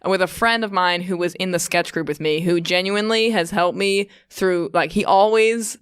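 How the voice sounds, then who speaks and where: Young woman comedian rambling thru a story, lowish voice, laughs a lot, dry close sound. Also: moderate pace, clear, resonant tone, dry recording. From England. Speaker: podcast guest, comedian. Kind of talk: casual chat.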